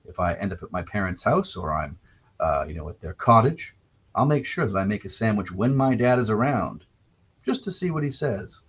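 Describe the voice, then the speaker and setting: A man's voice: fairly low pitch, big pitch swings, normal speed, a bit bright, slightly rough. A man from Canada hosting a solo podcast, telling rambling, digressive anecdotes with wry self-corrections. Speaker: podcast host. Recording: dull lo-fi recording.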